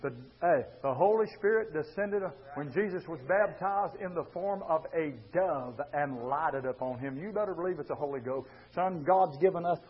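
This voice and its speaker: A man's voice: on the high side, normal speed, hardly any pauses. A man preaching a fervent, rhythmic sermon and calling out to his congregation. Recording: dull lo-fi sermon recording.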